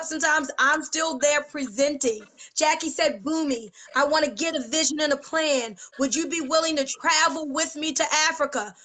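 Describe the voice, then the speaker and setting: An American woman giving a fervent, preacher-like motivational pitch to her business team on a live video, emotional at times. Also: pushed and bright, poor audio. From United States. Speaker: network marketing leader.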